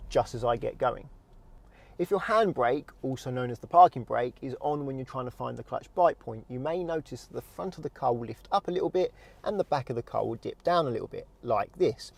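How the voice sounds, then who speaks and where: Calm man with a gravelly voice. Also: medium pitch, a little fast. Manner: calm step-by-step explaining. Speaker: driving instructor. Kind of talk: in-car tutorial demonstration. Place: inside a car.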